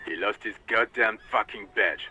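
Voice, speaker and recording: A man voicing a gruff, foul-mouthed police officer in a game, irritated and swearing. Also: on the low side, normal speed, pushed and bright, a little hiss or hum. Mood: exasperated.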